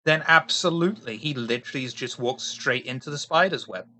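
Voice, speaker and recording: A man's voice: mid-range voice, brisk. A man running a tabletop horror game as game master, narrating and joking with the players. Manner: playful, joking, lively narration.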